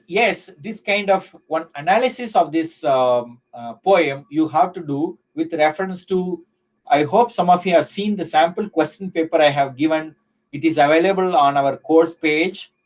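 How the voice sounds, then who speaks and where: A middle-aged man with an Indian English accent giving a live online lecture, speaking slowly and deliberately with many fillers and restarts. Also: a little high, low-quality recording.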